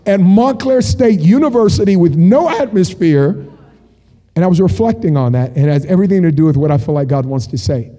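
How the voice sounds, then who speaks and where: A man preaching a sermon, telling stories with animated energy and jokey asides. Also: on the high side. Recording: long hall reverb.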